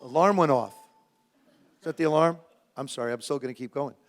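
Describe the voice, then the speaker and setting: A man around seventy, from New Jersey, telling lively, self-mocking stories to a live audience as a former quarterback and guest speaker. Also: mid-range voice, fairly quick. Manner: lively anecdotes with self-mocking humor, frequent restarts. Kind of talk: storytelling talk to a live audience.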